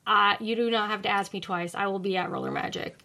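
A woman's voice: medium pitch, steady tone, quick pace, creaky, pushed and bright. A woman co-hosting a podcast, chatting casually with playful, jokey asides. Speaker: podcast co-host. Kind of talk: casual chat.

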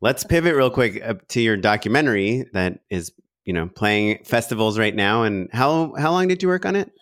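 A man hosting a podcast, telling stories in a relaxed way with many fillers. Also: on the low side, normal speed, no room sound, clean studio sound. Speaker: podcast host. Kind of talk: casual podcast chat.

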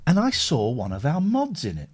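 A middle-aged man hosts a casual livestream chat. His voice sits slightly high, and he jumps all over his range as he acts out the people in his anecdotes. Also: wildly swooping pitch, moderate pace, a little mellow, slight background noise. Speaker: livestream host.

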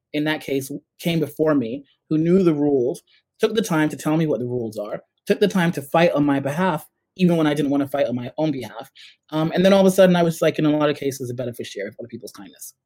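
A middle-aged man with a New York accent talks fast in a somewhat high voice, animated and full of stories. He slips into quick impressions of the people he quotes. The sound is dry and close. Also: no echo, low-quality recording. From United States. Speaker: startup CEO, guest. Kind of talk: casual interview conversation.

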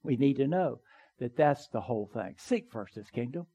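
A man's voice: mid-range voice, lively intonation, moderate pace, warm tone. A middle-aged man preaching a sermon in a conversational way, often checking in with "okay?" and "right?".

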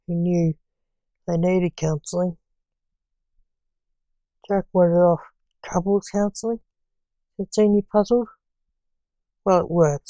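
Woman storyteller, slow pace, low mellow voice, dry close sound, even reading. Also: no room sound. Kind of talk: read-aloud story narration.

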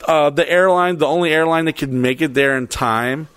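A man casually telling a story on a podcast, animated and profane, acting out the voices of other people. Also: on the high side, moderate pace, smooth, dry recording, studio quality. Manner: animated, swears a lot, acts out voices.

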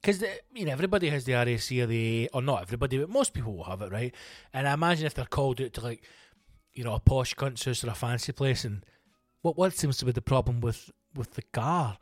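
Sweary Scottish comedian telling stories. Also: male voice, medium pitch, fast talker, no echo, clean studio sound, soft background music. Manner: sweary, rambling, animated. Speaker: comedian podcast host. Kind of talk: casual comic storytelling.

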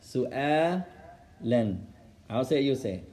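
With a somewhat high, darkish voice and lively intonation, a male teacher speaks fast as he teaches a class of students. He alternates between English and Arabic and repeats words for the class.

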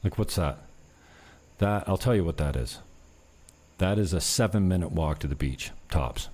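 Blunt, low-voiced Canadian man vlogging. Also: animated, moderate pace, darkish tone. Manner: blunt, swears often, rambling. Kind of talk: casual vlog talk.

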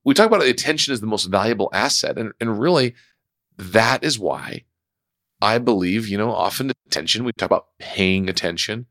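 A man's voice: lowish voice, expressive, normal speed, fairly bright tone, no echo, studio quality. A man hosting his own podcast, telling a personal story in a reflective, conversational way. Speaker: podcast host. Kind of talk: solo podcast monologue.

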